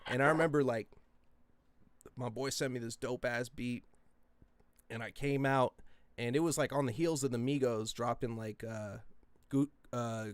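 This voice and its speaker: Dude in his 20s rambling thru a crazy story, swears a lot, mid pitch, dry mic. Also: normal speed, long pauses, smooth, no echo. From US West Coast. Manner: rambling, profane, animated, yelling out quoted lines. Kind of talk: casual storytelling chat.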